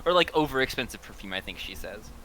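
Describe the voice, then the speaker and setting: A man playing a character in a tabletop role-playing game, animated and quick to laugh. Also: fairly low pitch, slight background noise. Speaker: player. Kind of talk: casual tabletop play.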